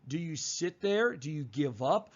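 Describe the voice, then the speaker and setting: Male teacher, slightly higher voice, casual slangy lecture delivery, muffled lo-fi recording. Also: expressive, measured pace. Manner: casual and chatty, with slang and fillers. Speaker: history teacher.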